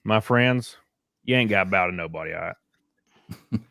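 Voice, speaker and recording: A man's voice: low voice, normal speed, vocal fry, sharp tone, no echo, clean studio sound, heavily acted. A man with a Southern US accent putting on a folksy redneck drawl for a fantasy hero. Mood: joking.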